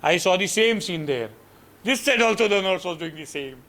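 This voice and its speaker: A man's voice: high-pitched, animated, moderate pace, fairly bright tone. A man with an Indian accent giving a motivational storytelling lecture to students, earnest and full of "you know" asides. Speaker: guest lecturer.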